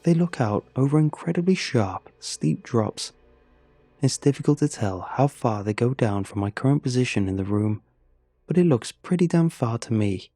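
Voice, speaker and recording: A man narrating a first-person horror story in a measured, scripted storytelling manner. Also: mid-range voice, animated, dark tone, no echo, faint music behind.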